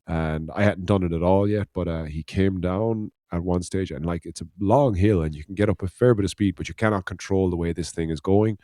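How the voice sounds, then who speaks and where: A man's voice: deep voice, a little fast, few pauses, dark tone, dry recording, studio quality. A man from Ireland, a podcast co-host, telling a rambling anecdote in casual chat, laughing and swearing as he goes.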